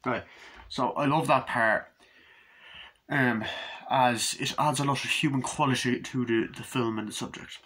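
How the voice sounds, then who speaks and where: A man's voice: medium pitch, fairly even intonation, unhurried, fairly bright tone, a little hiss or hum. A young man giving a rambling, casual film review, swearing freely and acting out scenes in voices.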